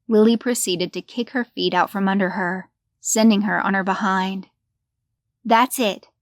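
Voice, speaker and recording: A woman narrating a horror story in a measured, deliberate way. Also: medium pitch, fairly even intonation, dry recording, clean studio sound.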